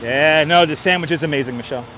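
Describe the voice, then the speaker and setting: A man's voice: on the high side, fast, pushed and bright. Chatty New man walking city streets. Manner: chatty, thanks viewers, jokey asides. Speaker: livestreamer. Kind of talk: casual live vlog chat. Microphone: wireless clip-on mic. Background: traffic and city ambience.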